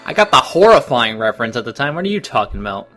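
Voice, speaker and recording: A man with a lively, swooping voice and a bright, sharp tone chatters through a video game, laughing easily and tossing out trivia. Game music hums faintly behind him. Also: mid-range voice, fast talker. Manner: animated, giggly, full of trivia. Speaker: let's play co-commentator. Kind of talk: casual gameplay commentary.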